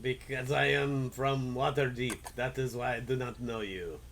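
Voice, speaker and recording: A man voicing a gruff old female gnome cook who talks bluntly in clipped, broken phrases. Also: medium pitch, fairly even intonation, a little slow, fairly bright tone, slight background noise. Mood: grudging.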